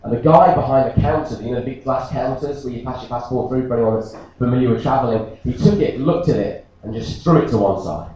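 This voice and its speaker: A man's voice: mid-range voice, quick pace, few pauses, dark tone, a little hiss or hum. British man, pastor, jokey sermon storyteller; distant mic, big church echo. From Britain.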